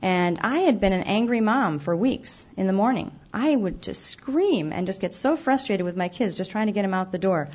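A woman speaks at normal speed with few pauses, her medium-pitched voice a little mellow and lively in intonation, telling her recovery story. The candid, self-deprecating testimony includes her acting out past remarks and occasional stumbling restarts, captured in a dull lo-fi event recording.

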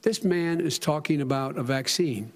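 A man's voice: on the high side, moderate pace. An older man in a televised debate, speaking with passion, repeating himself and talking over others. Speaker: debate candidate.

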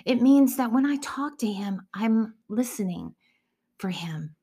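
Middle-aged woman, earnest Christian speaker; devotional teaching, slips into hushed whispers for emphasis. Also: on the high side, unhurried, slightly rough. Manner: earnest, often drops to a soft whisper.

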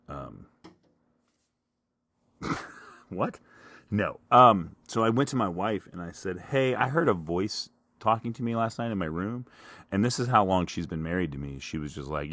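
A man with a Kentucky accent telling a rambling, self-mocking comic story, jumping louder when he quotes himself. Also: low-pitched, dry recording. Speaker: podcast host. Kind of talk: storytelling monologue.

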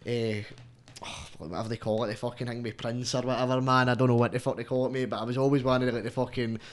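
A man's voice: mid-range voice, level tone, fast talker. A young man with a Scottish accent, a guest rapper chatting casually, rambling and swearing constantly, tagging everything with "mate.". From Scotland. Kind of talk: casual interview chat.

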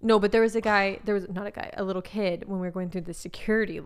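A young woman co-hosting a podcast in a relaxed, casual chat. She talks in a chatty, giggly way and breaks into little voices for the people in her stories. Her pitch sits in an ordinary middle range. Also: fast, clean tone. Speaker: podcast co-host.

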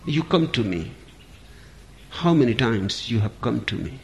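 A man giving a spiritual discourse, speaking in short phrases with long pauses between them. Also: mid-range voice, animated, gravelly, slight background noise. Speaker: spiritual teacher.

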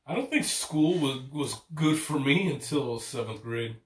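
A young man co-hosting a rowdy casual chat, loud and swearing a lot. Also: mid-range voice, animated, measured pace, roomy sound. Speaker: podcast co-host.

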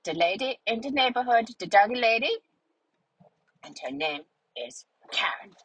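Brief: a cheerful young schnauzer girl with a bright, breathy voice and very lively pitch, rambling like a child telling a story, played by a woman. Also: moderate pace, dry recording, full character voice, rough recording. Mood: playful. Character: cheerful chatty young female schnauzer dog. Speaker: vlog narrator in character. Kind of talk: storytelling in character.

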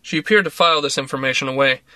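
A man reading a story aloud as narrator in a measured, even way. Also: medium pitch, no room sound.

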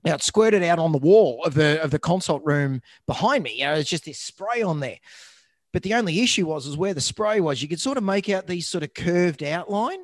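A man's voice: fairly high pitch, lively intonation, fairly quick, dry recording. Stammering Australian man telling stories. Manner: rambling, stammering storyteller. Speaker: podcast co-host, vet. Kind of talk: casual chat.

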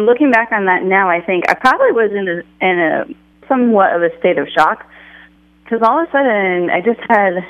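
A man being interviewed as an author, speaking haltingly with lots of fillers as he thinks back. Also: high-pitched, no echo, phone-quality sound. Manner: halting, many fillers, thoughtful. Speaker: author guest. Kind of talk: conversational interview.

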